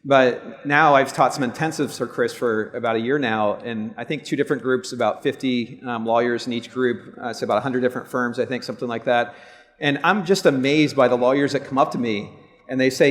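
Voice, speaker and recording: A law firm owner in his fifties speaks briskly with a mid-range voice as a panelist on stage at a large stadium event. He talks about personal matters in an earnest, reflective and open way, and his voice carries a long reverb tail.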